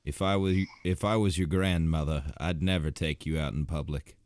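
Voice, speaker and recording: A man's voice: a bass voice, steady tone, normal speed, darkish tone, dry recording, clean studio sound. A man hosting a podcast, joking and teasing his co-host in casual banter. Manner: teasing, wisecracking.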